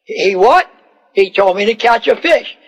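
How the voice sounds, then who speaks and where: A rough fisherman who scoffs and hollers at his old friend, put on by a preacher. The voice sits very high and talks in loud, folksy jabs. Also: animated, unhurried, full character voice, low-quality recording. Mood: incredulous. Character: skeptical rough male fisherman buddy.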